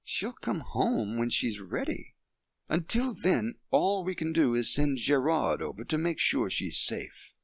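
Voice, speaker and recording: A man voicing a poised French wife near fifty, patient and gently reasoning with her husband. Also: mid-range voice, very animated, unhurried, vocal fry, dry recording, studio quality, pitched above the performer's own voice, heavily acted. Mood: soothing.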